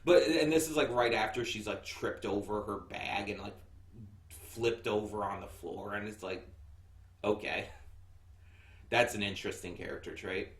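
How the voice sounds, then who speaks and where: This American man, from the United States, offers a casual first-impressions review of an anime, rambling along with plenty of fillers and restarts. His voice sits lowish at a moderate pace, captured by a far-off mic in an echoey room.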